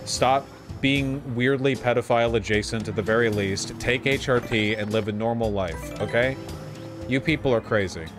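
A man's voice: medium pitch, moderate pace, over music. A man streaming a video game, ranting crudely and swearing often in casual commentary.

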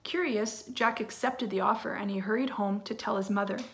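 A woman teacher reading a children's storybook aloud in an expressive way, with asides to her listeners. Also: mid-range voice, a little fast.

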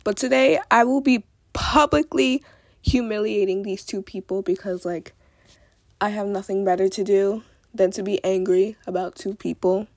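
In this angry rant vlog, a young woman in her teens speaks in a mid-range, somewhat mellow voice at normal speed. She vents straight to the camera, cursing a lot and leaning heavily on the word "like."

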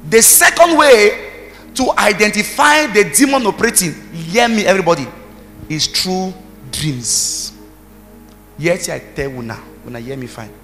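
Pastor, high and ringing, booming hall, soft music under him, punchy preaching. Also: male voice, animated, measured pace. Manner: emphatic preaching, shouting bursts, commands to the congregation. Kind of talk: sermon. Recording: reverberant hall with music behind.

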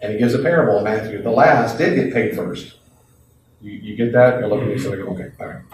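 A man teaching a Bible class, lively and folksy, acting out voices from the story. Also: on the low side, fast talker, a little hiss or hum. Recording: echoey classroom from a distant mic.

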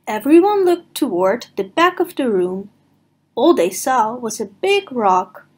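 A woman narrating a picture book aloud for preschoolers in a slow, sing-song manner. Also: a little high, big pitch swings, darkish tone, husky. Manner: slow, sing-song reading for small children. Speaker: storybook reader. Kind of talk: children's read-aloud narration.

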